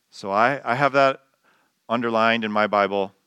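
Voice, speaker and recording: Male pastor, animated sermon delivery, bright tone, dry close-miked sound. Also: fairly low pitch, moderate pace, clean tone, no room sound. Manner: animated, reads scripture aloud and acts out the shouting.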